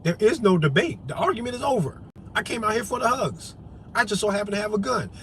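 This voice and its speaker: A man with a notably high voice delivers a fired-up monologue to his camera. He swears freely, preaches, and drives each point home through repetition. Faint background noise sits under his voice. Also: lively intonation, quick pace. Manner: profane, emphatic, preachy, repetitive. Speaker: vlogger and activist.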